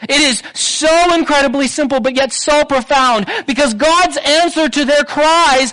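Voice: high voice, measured pace, a bit bright, low-quality recording. A preacher delivering a sermon with emphatic delivery, repeating phrases and building to raised intensity.

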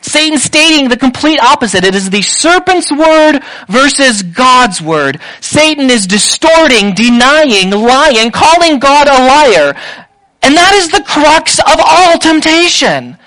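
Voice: high-pitched, very animated, slow, bright, forceful tone, rough recording. A preacher giving a sermon in an emphatic way, with rhetorical questions and repeated lists.

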